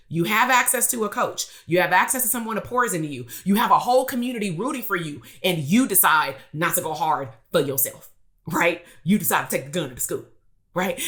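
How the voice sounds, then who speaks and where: A woman speaking gives a motivational live-stream talk as a business coach. Her voice is bright and forceful. She tells a blunt, streetwise story and drives her points home with rhetorical questions. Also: mid-range voice.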